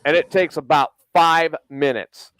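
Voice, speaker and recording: A man's voice: a little high, unhurried, fairly bright tone, dry recording. A man co-hosting a podcast in loose, profane casual chat, laughing often. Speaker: podcast co-host.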